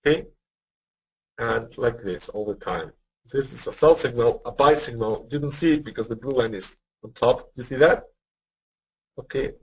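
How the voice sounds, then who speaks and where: A man's voice: mid-range voice, husky, rough recording. A man presenting a live trading webinar, explaining step by step, often checking whether listeners follow. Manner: explanatory, asks for feedback, repeats words.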